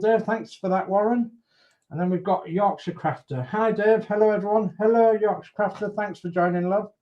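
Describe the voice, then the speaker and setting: Friendly and talkative, a high-voiced man with a darkish tone hosts a casual livestream about building models. He greets viewers by name and rambles with frequent restarts, and the audio is dull and lo-fi.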